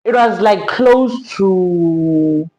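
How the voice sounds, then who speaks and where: Young South African woman, low voice, chatty storyteller who drops Zulu slang, sit-down vlog. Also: animated, extremely slow, mellow, rough recording. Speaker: vlogger.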